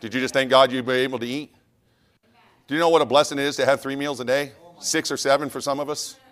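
A middle-aged man preaching a sermon in church. He talks animated, mimicking voices and dropping into quiet asides. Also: mid-range voice, quick pace. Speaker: pastor. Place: church sanctuary.

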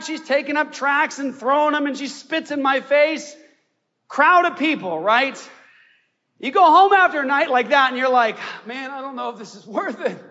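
A man preaches with a very high, bright, forceful voice, telling his story with fervor. His words ring out through a long church reverb. The recording is dull and lo-fi. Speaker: pastor. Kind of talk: sermon. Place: church sanctuary.

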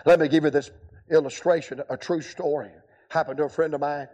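An older man preaching at a revival. His voice runs high, and he tells stories in a folksy, joking way. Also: steady tone, fairly quick, a little mellow, highs cut off. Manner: folksy storytelling with humor. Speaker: evangelist preacher. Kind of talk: revival sermon.

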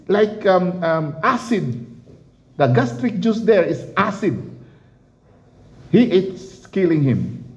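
A man's voice: high voice, highs cut off. A man preaching a sermon and reading scripture, emphatic and repetitive, often laughing.

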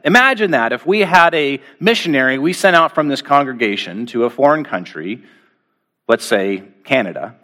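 A man preaching a sermon to his congregation, asking rhetorical questions and slowing down with deliberate pauses on key phrases. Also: fairly high pitch, pushed and bright. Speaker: pastor.

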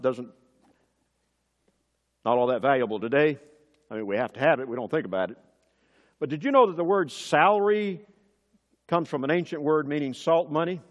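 A man preaching a sermon as pastor, building to emphatic, forceful peaks and dropping back to quiet asides. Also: muffled recording. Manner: emphatic preaching with sudden rises in pitch and force. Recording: long hall reverb.

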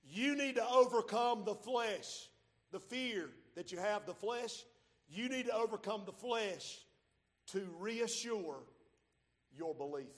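High-voiced preacher in a reverberant hall. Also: male voice, animated. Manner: swings from loud shouting to low, quiet asides; drawls key phrases slowly. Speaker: pastor. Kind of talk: sermon.

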